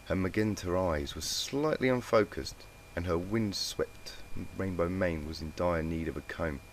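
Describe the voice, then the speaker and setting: A man reads a fan story aloud in a low, deep voice, with steady, plain storytelling. A faint hiss sits under his voice. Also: unhurried. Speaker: fanfic reader. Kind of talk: reading a fanfic aloud.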